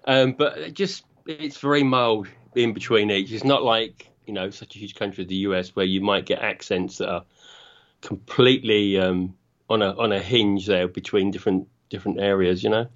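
A man's voice: fairly low pitch, steady tone, moderate pace, fairly bright tone, dull audio. A man with a southern English accent from around Reading, a podcast guest who rambles in an easygoing way with many fillers. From England. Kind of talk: casual podcast conversation.

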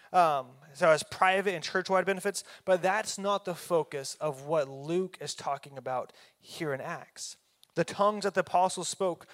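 A man preaching a sermon as a pastor, folksy and emphatic, with fillers and restarts. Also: on the high side.

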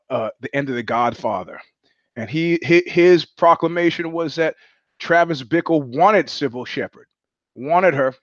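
A man hosting his own podcast, talking through a film in an animated, digressive way and acting out the lines of its characters. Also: mid-range voice, no echo, muffled recording. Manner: animated, digressive storyteller who acts out quotes. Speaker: podcast host. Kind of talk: solo monologue about film. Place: home room.

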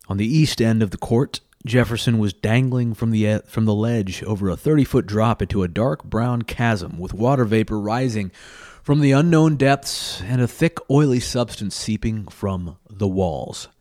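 A man reading a graphic novel aloud, narrating in a measured, dramatic way with small slips. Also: fairly low pitch, darkish tone, dry recording, clean studio sound. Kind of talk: storybook reading.

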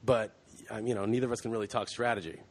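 A man's voice: fairly low pitch, fairly even intonation, quick pace. A man hosting a podcast in casual chat, heated and ranting, swearing freely. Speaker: podcast host.

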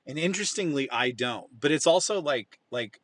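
A man's voice: medium pitch, expressive, normal speed, fairly bright tone. A man hosting a podcast, telling a long anecdote in a casual, rambling way full of fillers. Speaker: podcast host. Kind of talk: casual chat.

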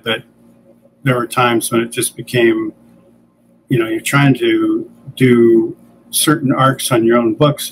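An older man, a comics creator and editor, telling relaxed anecdotes as a guest in a casual interview. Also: medium pitch, slight background noise, poor audio. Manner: relaxed anecdotal, acts out quoted dialogue.

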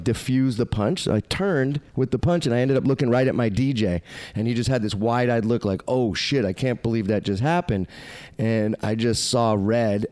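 Profane, animated male storyteller. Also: mid-range voice. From United States. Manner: animated, profane, acts out quoted voices. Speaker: podcast guest. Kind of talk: casual storytelling.

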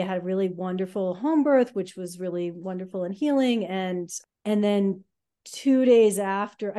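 A woman telling her own life story on a podcast, candid and halting, with many fillers. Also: medium pitch, warm tone.

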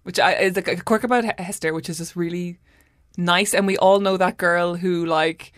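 A woman's voice: lowish voice, fairly even intonation, normal speed, no echo, clean studio sound. A woman hosting a casual book podcast, talking chattily with fillers and tag questions. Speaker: podcast host.

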